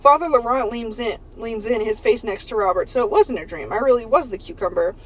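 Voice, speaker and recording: A woman's voice: fairly high pitch, fairly quick, poor audio. A woman podcast host reading an erotic novel aloud for laughs, stumbling over words and breaking into giggles.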